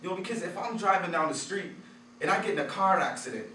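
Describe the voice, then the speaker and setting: A man's voice: high-pitched, animated, fast talker, pushed and bright. A man giving a motivational talk, telling candid personal stories and chuckling at his own stories. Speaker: motivational speaker. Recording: roomy echo, distant from the mic, faint noise.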